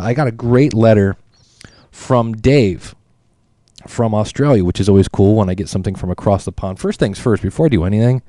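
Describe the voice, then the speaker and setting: A man's voice: on the low side, mellow, no room sound, studio quality. A man hosting a weight-loss podcast in a casual, chatty, self-deprecating way, reading listener emails aloud. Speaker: podcast host.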